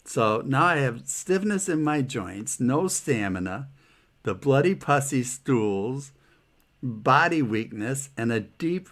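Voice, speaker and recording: A man's voice: medium pitch, lively intonation, slow pace, a bit bright. A man casually telling a personal story about his health troubles, laughing often and sounding rueful and incredulous.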